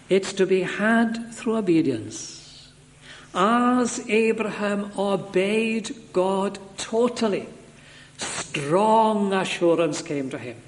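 A man preaching an expository sermon in an earnest, measured way, stressing points through repetition. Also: high-pitched, a little hiss or hum.

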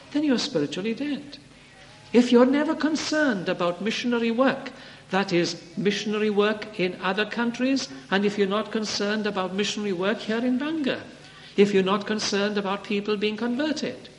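A man preaching a sermon in a church, emphatic and repeating his key phrases. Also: sits high. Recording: reverberant hall with faint background hiss.

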